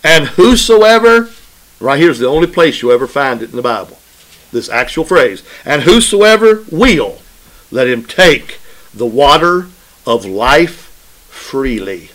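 A man's voice: a little high, very animated, a little slow, a bit bright, low-quality recording. A man preaching a sermon, emphatic and repetitive, often asking his listeners "right?" in a call-and-response way. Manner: emphatic, repeats phrases for stress.

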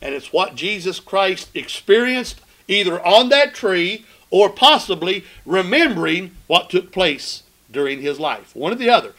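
A man preaching a sermon in a bright, ringing voice that sits a little high. He asks his listeners questions and swings between loud emphatic cries and low, hushed asides. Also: lively intonation, measured pace, few pauses, poor audio.

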